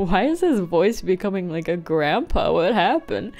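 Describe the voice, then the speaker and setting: A woman's voice: medium pitch, lively intonation, normal speed, a little mellow, soft background music. A young woman streaming a dating game, joking around and laughing often in casual commentary. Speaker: gaming streamer.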